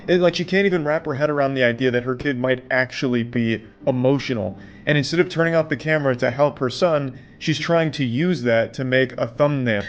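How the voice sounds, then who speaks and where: A man's voice: medium pitch, a little fast, hardly any pauses, muffled recording, a little hiss or hum. A man giving sarcastic, profane reaction commentary in a dry delivery. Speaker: commentary streamer.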